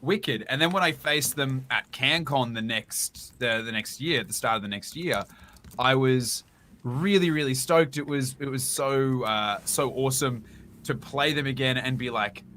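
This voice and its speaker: An Australian man with a bright, forceful voice chats as a guest. He tells stories with lively, self-mocking humour. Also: mid-range voice, normal speed, a little hiss or hum. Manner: animated, self-mocking storytelling. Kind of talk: casual chat.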